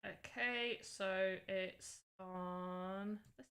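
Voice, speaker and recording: A woman's voice: mid-range voice, fairly even intonation, very slow, fairly bright tone. A young woman chatting casually and rambling on a livestream while she works on voxel art. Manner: chatty, rambling, frequent "like" fillers. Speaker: streamer.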